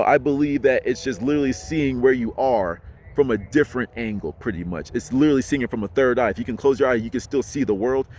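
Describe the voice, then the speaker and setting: Guy talking to his camera outside, loose and rambly, lots of likes and ums, bit of traffic behind. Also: medium pitch. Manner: loose, rambling, heavy with fillers. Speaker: spiritual channel host. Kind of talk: casual talking-to-camera explainer.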